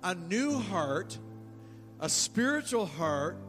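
High-voiced preaching pastor. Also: male voice, takes it slowly, soft background music. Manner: animated preaching, repeats words, calls for congregation responses. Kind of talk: sermon.

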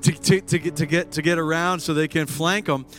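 Male pastor, lively sermon delivery, slightly high voice, faint music behind. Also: a little fast. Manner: animated, acts out scenes with shouts. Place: church with live and online congregation.

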